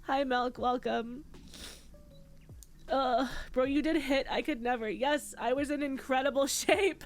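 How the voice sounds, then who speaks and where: Tearful young woman streamer, slightly high. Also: fairly even intonation, unhurried. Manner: swears freely, reads chat aloud and answers it. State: tearful, on the edge of crying. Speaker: VTuber streamer. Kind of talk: casual chat with stream viewers. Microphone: desk microphone with headphones.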